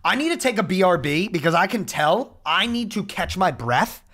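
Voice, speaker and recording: A young man streaming, telling a story in a casual, profane, animated way. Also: high-pitched, normal speed, slightly rough. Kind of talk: casual chat.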